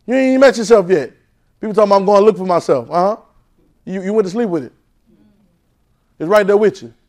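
A man preaching a sermon in call-and-response, swinging from loud urging to soft, hushed lines. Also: sits high, fast. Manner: swings from loud exhortation to soft near-whispers.

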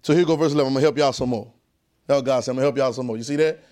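Racing through his words, a man teaches a Bible class in a call-and-response sermon style. He's emphatic and repetitive, and his voice often drops low and quiet.

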